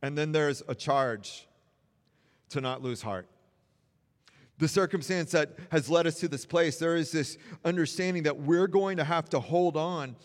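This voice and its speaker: A man's voice: fairly high pitch, measured pace, big-room sound. A man preaching a sermon in an earnest, encouraging way, repeating phrases for emphasis. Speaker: pastor.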